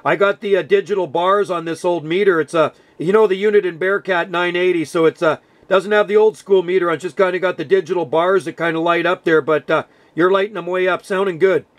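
A man's voice: sits high, steady tone, a little fast, few pauses. A man working a CB radio contact, friendly and repeating call signs over the air. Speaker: CB radio operator.

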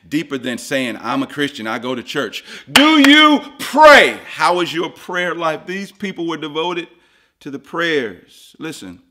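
A man preaching a sermon as pastor, swinging from hushed lines to loud emphatic ones and repeating phrases for emphasis. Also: mid-range voice.

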